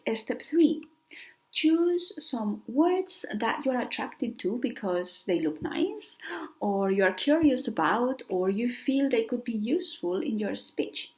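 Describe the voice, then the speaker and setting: Woman language teacher for a beginner lesson: unhurried, careful, fairly high voice. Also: warm tone, low-quality recording. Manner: careful, repeats example words slowly. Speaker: Spanish teacher.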